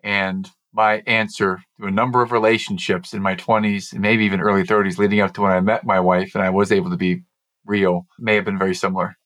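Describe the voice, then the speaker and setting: Male podcast host, lowish voice, earnest and reflective interviewer. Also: level tone, a little fast, a bit bright. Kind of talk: conversational interview questions.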